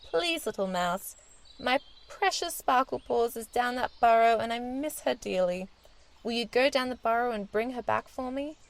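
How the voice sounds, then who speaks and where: A woman voicing a kind, gentle young princess in a children's story, speaking in a sweet, earnest way. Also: a little high, expressive, normal speed, voice pushed up.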